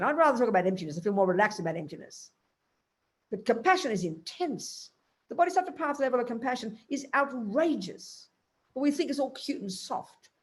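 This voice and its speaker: An older woman, a Buddhist teacher, giving a blunt, emphatic dharma talk to a group and acting out inner voices. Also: on the high side.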